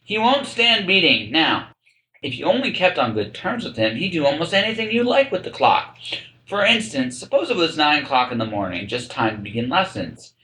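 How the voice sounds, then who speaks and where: A man's voice: on the high side, big pitch swings, normal speed, sharp tone, roomy sound, voice pushed up. A man voicing the Mad Hatter, a moody and contemptuous man who grumbles and drags his words mournfully.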